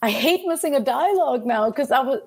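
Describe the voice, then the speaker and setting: A woman's voice: sits high, animated, fairly quick, breathy edge. A woman chatting casually as a podcast guest. She speaks in a plain, matter-of-fact way and pokes fun at herself. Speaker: podcast guest, corporate video narrator. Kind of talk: casual chat.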